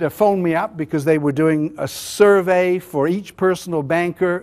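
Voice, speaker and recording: A middle-aged man from New Zealand giving a business talk, telling stories and acting out the dialogue in a conversational way. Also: a little high. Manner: anecdotal, conversational, acts out dialogue. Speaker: business speaker. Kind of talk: storytelling talk to an audience.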